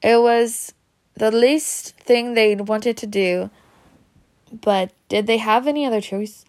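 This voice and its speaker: A woman reading a children's story aloud in a steady way. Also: fairly high pitch, slow pace. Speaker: reader.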